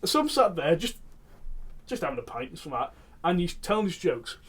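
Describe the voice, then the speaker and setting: A man's voice: a little high, fast, slightly rough. A man, co-hosting a comedy podcast and telling a long, rambling anecdote. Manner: rambling, animated anecdote with acted quotes. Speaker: podcast co-host. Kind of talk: casual storytelling.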